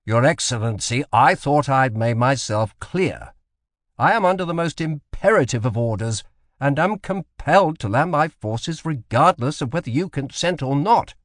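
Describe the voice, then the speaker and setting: A man voicing a commanding British admiral in an audiobook, speaking with deliberate authority. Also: medium pitch, lively intonation, no room sound, studio quality, lightly acted. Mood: demanding. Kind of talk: audiobook character voice.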